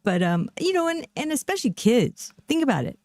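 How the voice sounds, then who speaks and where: Giggly woman co-host, mellow voice. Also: high-pitched, big pitch swings, a little fast, no echo, studio quality. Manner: giggly, laughs often mid-sentence. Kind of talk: casual chat.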